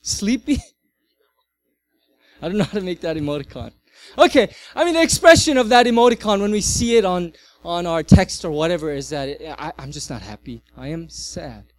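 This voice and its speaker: A middle-aged male pastor giving a sermon, swinging from loud, emphatic passages to soft, quiet ones. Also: high-pitched, normal speed, dry recording. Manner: animated, varies loudness widely.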